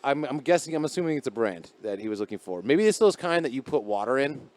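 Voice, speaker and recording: A man's voice: mid-range voice, very animated, fast talker, darkish tone, dry recording. A man co-hosting a podcast in a garage, telling stories in a rambling, profane, casual way. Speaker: podcast co-host.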